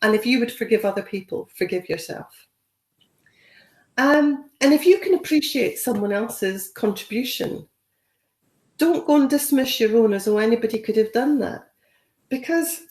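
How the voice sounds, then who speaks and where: A woman's voice: mid-range voice, a little mellow, roomy sound. A woman giving a conversational training webinar, encouraging and full of "you know" fillers. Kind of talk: webinar talk.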